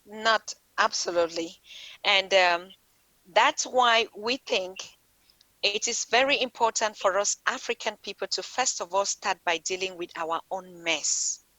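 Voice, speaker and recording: A woman's voice: mid-range voice, measured pace, bright, forceful tone, no room sound, rough recording. A woman speaking as a guest on a talk show, impassioned and rising in bursts. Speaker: panel guest. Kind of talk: passionate discussion.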